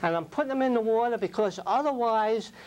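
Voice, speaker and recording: A man's voice: extremely high pitch, a little fast, a little mellow, muffled recording. An older man voicing a little girl in a story, speaking sincerely and matter-of-factly. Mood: earnest. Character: earnest little girl saving starfish.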